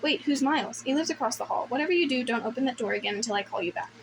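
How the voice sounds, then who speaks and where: An exasperated older brother on the phone, bossy and protective, in a fairly high voice, as a woman reads him. The audiobook recording carries a steady hiss of background noise. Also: racing. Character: worried protective older brother, a grown man. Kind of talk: audiobook character voice.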